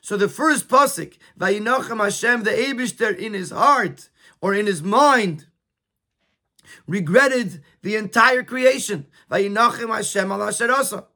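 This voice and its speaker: Guy going through a text, kinda high bright voice, stumbles and repeats words. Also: measured pace. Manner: repeats words and stammers while explaining. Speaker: Torah teacher. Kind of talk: reading a Yiddish text and translating it into English.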